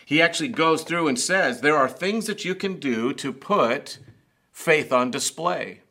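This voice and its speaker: A man's voice: fairly high pitch, animated, measured pace, sharp tone. A man preaching a sermon, telling stories and building to emphatic, raised passages. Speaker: pastor.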